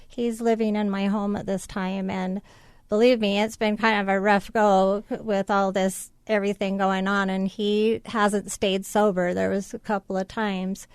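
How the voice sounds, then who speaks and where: Guest: middle-aged woman, even-pitched, smooth clear voice, halting and tearful delivery. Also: no echo. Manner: tearful, halting, many fillers. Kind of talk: emotional personal story.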